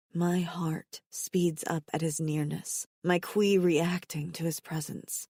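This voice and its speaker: A woman narrating a first-person romance audiobook in an intimate, measured reading. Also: lowish voice, level tone, darkish tone, breathy edge, dry recording, studio quality.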